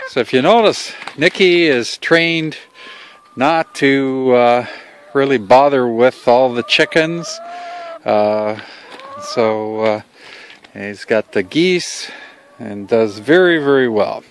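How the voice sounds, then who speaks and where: A man showing his farm dogs and puppies outdoors, talking in an unhurried, halting way with many fillers and coaxing the dogs fondly. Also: mid-range voice, clean tone. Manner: fond, coaxing talk to the dogs. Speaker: dog breeder selling puppies. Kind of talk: casual farm video walkthrough.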